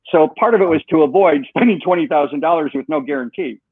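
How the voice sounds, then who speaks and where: Speaking fast in a slightly rough, somewhat high voice, a software co-founder recounts a long story as an interview guest, animatedly acting out quoted dialogue. The line sounds tinny and phone-like, with no room sound.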